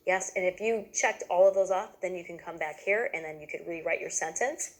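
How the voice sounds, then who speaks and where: A woman's voice: on the low side, brisk, poor audio. A woman giving a patient, step-by-step lesson to teachers, checking in often with "okay?". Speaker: teacher trainer.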